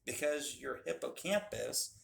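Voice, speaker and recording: A man voicing a kind, gentle older woman in a storybook reading, in an echoey room. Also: mid-range voice, lively intonation, unhurried, gravelly, a little hiss or hum, pitched above the performer's own voice, heavily acted.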